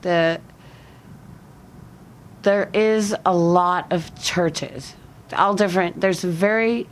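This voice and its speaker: A woman's voice: lowish voice, slow, a little hiss or hum. Chatty woman with a northern-southern mix. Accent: mixed Western New York and Alabama southern. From Buffalo, New York area. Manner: chatty, laughs often, plain-spoken. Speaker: interviewee. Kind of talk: casual conversation.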